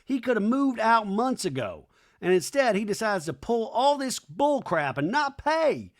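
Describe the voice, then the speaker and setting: A man imitating an upset young woman reality star in a high, pleading, whiny voice. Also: very animated, unhurried. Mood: hurt.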